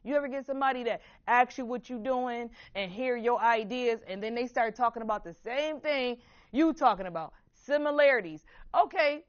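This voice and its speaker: A woman from Buffalo, New York, hosting a motivational talk show, talking in an animated, preachy way and calling the audience "baby.". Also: fairly high pitch, highs cut off. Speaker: host.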